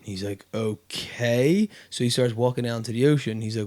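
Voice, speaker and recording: A man who is an adult with kids hosts a casual podcast chat, telling a story full of fillers and restarts. His voice is mid-range with a darkish tone, at a normal speed.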